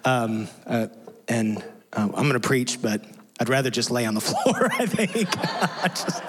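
A middle-aged man delivers a sermon at a medium pitch, his voice slightly nasal from having cried. He talks in a loose, rambling way, restarting sentences and joking at his own expense. The sound carries a long reverb from a large hall. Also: expressive, a little slow, background noise. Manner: casual, rambling, self-deprecating with frequent restarts. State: nasal from crying. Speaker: pastor.

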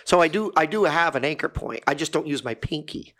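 A man's voice: on the high side, animated, brisk, sharp tone. A man co-hosting a casual podcast chat, rambling and self-deprecating, with many fillers and restarts. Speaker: podcast co-host.

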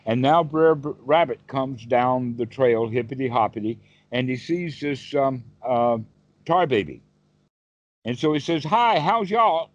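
A man's voice: medium pitch, unhurried, dry recording. Folksy man telling a story on a call. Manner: folksy, rambling, many fillers. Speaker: dharma teacher. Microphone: video call. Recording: dull, dry video call audio.

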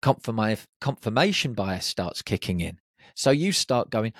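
A man hosts his own podcast in a low, gravelly voice. He talks with animated energy and drops into little acted voices for the doubts people tell themselves. The sound is dry and close, with no room around it. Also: no echo. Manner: animated, acts out inner self-talk in quick little voices. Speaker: podcast host. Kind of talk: solo podcast talk.

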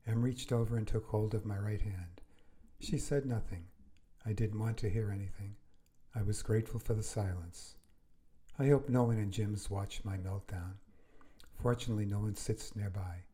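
A man with a low, husky, mellow voice reads a first-person grief memoir as a podcast host. His delivery is slow, measured and earnest, with an air of breath behind the words.

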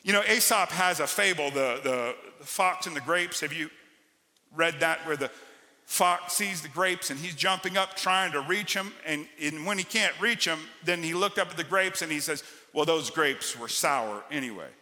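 A man's voice: on the high side, moderate pace, pushed and bright. A male pastor preaching a sermon, telling personal stories in a conversational, emphatic way. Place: church sanctuary. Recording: church hall with long reverb.

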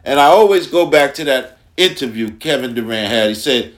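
A man's voice: medium pitch, animated, normal speed, few pauses. A man hosting a casual sports talk podcast, speaking emphatically and repeating phrases for effect. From Long Island, New York. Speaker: podcast host.

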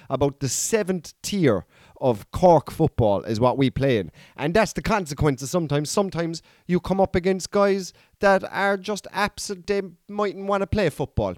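An Irish man in his thirties, a comedian hosting a podcast, rambling on in an animated casual monologue full of "like". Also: a little high, no room sound, studio quality. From Ireland. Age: 30s. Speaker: podcast host.

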